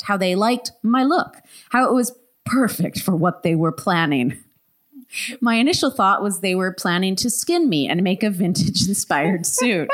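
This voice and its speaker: A woman podcast host reading a listener's story aloud, animated, laughing often with quick asides. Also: fairly low pitch.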